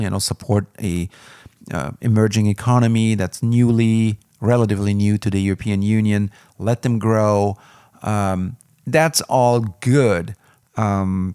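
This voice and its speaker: A man with a low, gravelly voice talks through a product review in a loose, candid ramble. He sounds dry and close, with no room around him. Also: darkish tone, no echo. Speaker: music gear reviewer. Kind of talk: casual review talk.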